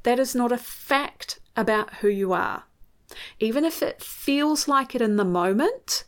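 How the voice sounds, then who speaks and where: Encouraging woman coaching on self-belief. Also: mid-range voice. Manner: warm encouraging, emphatic repetition with tag questions. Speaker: podcast host and coach. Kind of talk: solo self-help talk.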